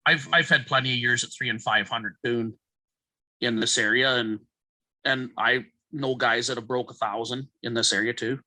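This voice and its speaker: Male trapper from Ontario, bright tone, dry close sound, plainspoken. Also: medium pitch, fairly even intonation, normal speed, no echo, low-quality recording. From Ontario, Canada. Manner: plainspoken, matter-of-fact. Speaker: trapper guest. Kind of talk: casual interview chat.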